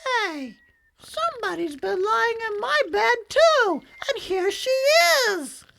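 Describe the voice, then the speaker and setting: A man voicing a small, upset baby bear in a storybook tale, wailing in a very high squeaky voice. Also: sing-song, slow pace, vocal fry, pushed and bright, slight background noise, exaggerated voice. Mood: squealing.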